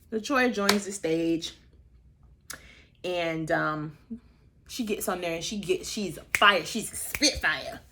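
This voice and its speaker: A woman in her thirties chats through a reality-show recap in a sassy, gossipy way, throwing playful shade. Her everyday voice sits a little low. When she quotes people, she slips into exaggerated high voices. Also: a bit bright, slight background noise. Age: 30s. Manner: sassy, chatty and playfully shady. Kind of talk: casual gossip commentary.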